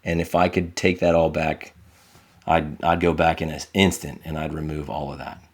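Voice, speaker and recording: Deep-voiced man sharing parenting stories earnestly. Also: little pitch movement, moderate pace, husky. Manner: earnest, reflective, acts out quotes in a raised voice. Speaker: podcast guest. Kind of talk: candid conversational storytelling.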